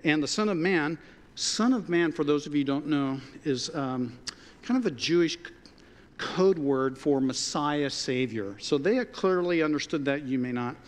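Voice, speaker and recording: Animated preaching man in a reverberant hall. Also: on the high side, moderate pace. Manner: animated, conversational preaching with quoted dialogue. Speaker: pastor. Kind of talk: sermon. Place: church sanctuary.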